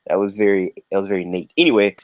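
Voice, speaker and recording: A man's voice: low voice, fairly even intonation, fast talker. A man hosting a livestream in a laid-back, joking, slangy way. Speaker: livestream host. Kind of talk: casual livestream chat.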